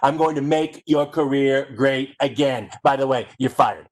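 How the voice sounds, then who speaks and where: A man's voice: mid-range voice, measured pace, lightly acted. A man doing an impression of a brash male politician who boasts in repeated superlatives. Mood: boastful. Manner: bragging, repetitive superlatives.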